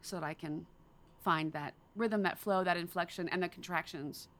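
A woman's voice: on the low side, normal speed, a bit bright. An American woman, an audiobook narrator, chatting with enthusiasm and playful self-mockery. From United States. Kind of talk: casual chat.

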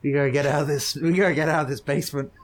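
A man's voice: on the high side, steady tone, racing. Dry, joking man playing a tabletop game. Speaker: player. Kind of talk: casual tabletop game play.

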